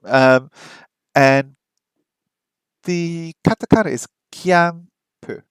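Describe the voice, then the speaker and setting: A man's voice: fairly high pitch, clean tone, no echo. Chatty man thinking aloud, dry close sound. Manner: chatty, thinks aloud, sounds out foreign words slowly and repeats them. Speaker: live streamer learning Japanese. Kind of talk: casual chat while studying on a language app.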